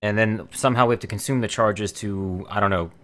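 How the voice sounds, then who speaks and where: A man chatting casually with his team over a headset while gaming, reading game messages aloud in a relaxed way. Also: on the low side, fairly quick, a little hiss or hum. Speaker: gamer streaming a raid.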